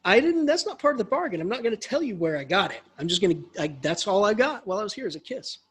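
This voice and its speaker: An earnest, flustered young knight who rushes his words, as a lecturer puts him on. His voice is pushed high and has a husky edge. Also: big pitch swings, a bit bright, full character voice. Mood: insisting.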